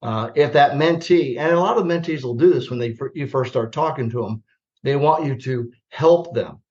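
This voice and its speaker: A man's voice: mid-range voice, moderate pace, lo-fi sound. Older Midwestern man, plainspoken storyteller. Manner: plainspoken, animated storyteller who acts out remembered dialogue. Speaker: guest, retired army general. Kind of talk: conversational storytelling on a podcast.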